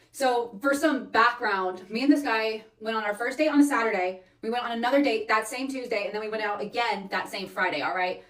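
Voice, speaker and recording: Woman, chatty storyteller, slightly high voice, roomy echo with the mic some distance away. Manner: animated, chatty, asks "all right?" and "okay?" as she goes. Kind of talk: storytime vlog.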